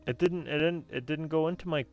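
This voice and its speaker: A man's voice: on the high side, brisk, phone-quality sound, soft background music. A man giving casual, sarcastic commentary while playing a game, swearing freely. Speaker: game streamer.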